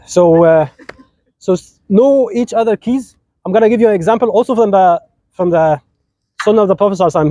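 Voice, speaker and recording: Man, Egyptian accent, wedding officiant, playful sermon, high pitch, dry close sound. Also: a little fast, long pauses, mellow, no echo, low-quality recording. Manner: teasing, jokey, addresses the couple directly.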